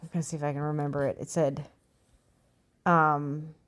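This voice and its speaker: Woman vlogger, slightly low voice, blunt and scornful, reads an article aloud and picks it apart. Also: level tone, moderate pace. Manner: blunt, sarcastic, profane ranting. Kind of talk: opinion vlog reading an article.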